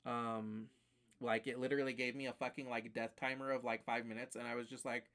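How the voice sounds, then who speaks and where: A man's voice: medium pitch, little pitch movement, fairly quick, a bit bright. A man streaming live, ranting casually and profanely about games that beat him, rambling with fillers.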